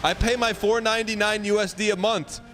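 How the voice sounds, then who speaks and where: A male game streamer talks casually in a rambling, joking way and reacts to his chat. His voice sits a bit high for a man, with faint game music playing behind him. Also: steady tone, a little fast, fairly bright tone. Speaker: gaming livestream host.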